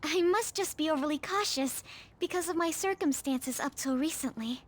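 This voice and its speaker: Actress as soft-spoken cautious young woman, high light voice. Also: normal speed, natural voice.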